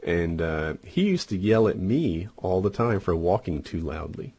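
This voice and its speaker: A man's voice: low voice, expressive, a little slow, a little mellow, slightly rough. A man co-hosting a podcast, telling a long casual story with a rambling manner and many "and, uh" fillers. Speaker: podcast co-host.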